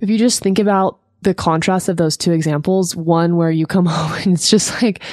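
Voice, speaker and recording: A woman's voice: fairly low pitch, fairly even intonation, normal speed, darkish tone, dry recording, studio quality. A woman co-hosting a podcast, explaining relationship advice in a casual, earnest chat and often checking in with "right?". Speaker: podcast co-host.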